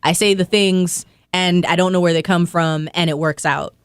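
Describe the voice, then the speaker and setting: Animated, playful young woman in casual chat. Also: fairly low pitch, normal speed, smooth, dry recording, clean studio sound. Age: young adult. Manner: animated, playful storyteller with comic asides. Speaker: podcast guest.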